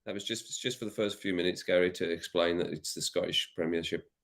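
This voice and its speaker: Chatty man with a bright voice. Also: low-pitched, steady tone, quick pace. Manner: chatty, thinking aloud, jokey asides. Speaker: vlogger. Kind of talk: casual chat while placing bets.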